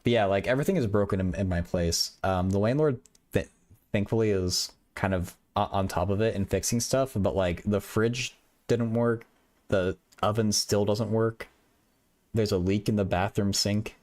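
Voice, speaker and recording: A man's voice: on the low side, moderate pace, a little mellow, no echo. A young man hosting a livestream, chatting casually with viewers, stuttering and repeating words, from a small apartment bedroom. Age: young adult. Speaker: livestream host.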